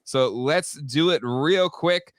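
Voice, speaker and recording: A man hosting a live toy talk show, upbeat and chatty, with quick fillers and laughs. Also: a little high, no room sound, studio quality. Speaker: host.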